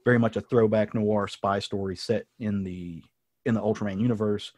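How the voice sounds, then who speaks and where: A man's voice: on the low side, fairly even intonation, normal speed, darkish tone, no echo. A man hosting a podcast, casually recapping a comic book story in a rambling way with many ums and asides. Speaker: podcast host.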